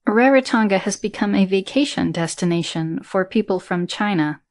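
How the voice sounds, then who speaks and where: A woman voicing a polite young female journalist in a sci-fi audiobook, raising her voice lighter and higher. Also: lively intonation, moderate pace, close to an everyday voice. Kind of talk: audiobook character reading.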